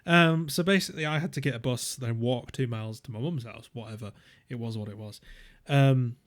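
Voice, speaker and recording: A man's voice: mid-range voice, a little fast. A young man, co-hosting a podcast and telling rambling stories in a casual chat, full of "um"s and swearing. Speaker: podcast co-host.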